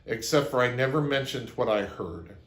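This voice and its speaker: A man's voice: medium pitch, normal speed, fairly bright tone, echoey room. A man sharing a personal story as advice to his viewers, speaking earnestly and acting out the lines he quotes. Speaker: relationship advice host. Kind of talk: advice monologue to camera.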